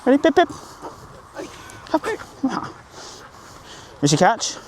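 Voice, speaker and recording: A man's voice: extremely high pitch, sing-song, slow pace, background noise. A man working as a dog trainer, coaching an owner outdoors on a group walk. He is upbeat and encouraging, with sing-song praise for the dog.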